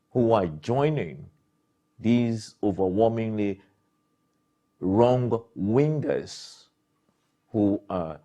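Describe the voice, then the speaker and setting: Deep-voiced guy ranting about politics, slow and emphatic. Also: dark tone. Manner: emphatic, preachy delivery. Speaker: commentator. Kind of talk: political commentary monologue.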